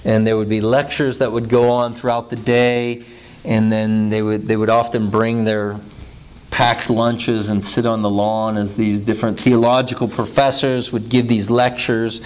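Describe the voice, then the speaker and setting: A man preaching a sermon, telling a story with emphatic pauses, then leading a prayer. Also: on the low side, flat delivery, clear, resonant tone.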